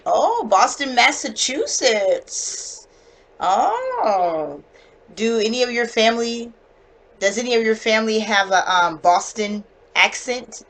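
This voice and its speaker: A woman with a standard North American accent teaching a one-on-one English lesson over a video call. She explains slowly and clearly, with patience. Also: fairly high pitch, lively intonation, a bit bright, rough recording. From United States.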